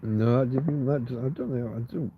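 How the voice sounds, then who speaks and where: A man's voice: mid-range voice, moderate pace, background noise. A man hosts a loose, unstructured livestream, reading viewers' comments and musing aloud. He often stops mid-sentence and restarts, puzzling things through. His middling voice comes through somewhat dull and lo-fi. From England. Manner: musing, self-interrupting, easily puzzled. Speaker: livestream host. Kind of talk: rambling live chat, reading comments aloud. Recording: slightly dull, lo-fi stream audio.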